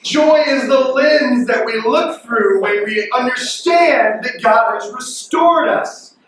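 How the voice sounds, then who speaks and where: Animated youth pastor in an echoey hall. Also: male voice, very high-pitched, takes it slowly, a little hiss or hum. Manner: animated and jokey, bursts into loud mimicking. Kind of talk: youth sermon. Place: large echoey worship hall. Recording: distant mic in reverberant hall.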